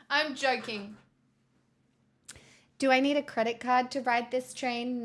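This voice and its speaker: A woman's voice: high-pitched, fairly even intonation, slow pace, long pauses, a little hiss or hum. A woman from the southeastern US hosting a livestream, chatting casually and teasing her viewers as she reads the chat. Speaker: livestream host.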